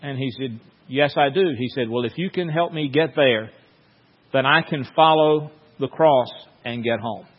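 A man preaching a sermon in a slow, measured way, reading scripture and telling a story with long pauses. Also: mid-range voice, breathy edge. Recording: dull sound with long hall reverb.

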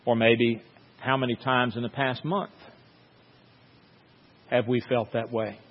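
A man preaching a sermon in a slow, measured way, reading scripture and telling a story with long pauses. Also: medium pitch, level tone. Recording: dull sound with long hall reverb.

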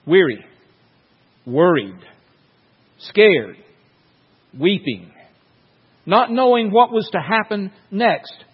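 A man preaching a sermon in a slow, measured way, reading scripture and telling a story with long pauses. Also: high voice, expressive, husky. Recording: dull sound with long hall reverb.

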